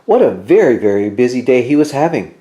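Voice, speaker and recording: Animated man reading a children's story. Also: medium pitch, a little fast. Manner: expressive and animated. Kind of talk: children's story read-aloud.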